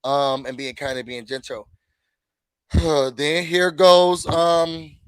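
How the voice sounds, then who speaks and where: Man, high voice, animated reality-show recap, dry close mic. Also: slow pace, clear, resonant tone, no room sound. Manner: chatty, animated, acts out quotes.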